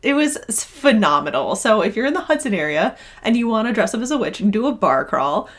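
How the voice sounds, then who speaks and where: A woman's voice: fairly high pitch, sing-song, brisk. A young woman chatting casually in her knitting vlog, gushing and rambling with restarts. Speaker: knitting vlogger and yarn dyer.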